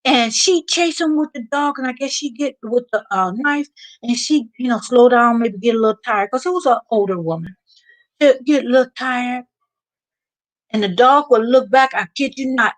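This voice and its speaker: An American woman hosting a live stream, chatting and telling stories with animated asides. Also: fairly high pitch, moderate pace. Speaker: vlog host. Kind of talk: live stream casual chat.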